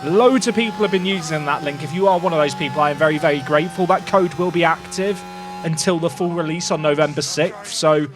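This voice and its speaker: A young man live-streaming a racing game, excitable and jokey, shouting at the screen between commentary. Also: fairly high pitch, a little fast, music in the background.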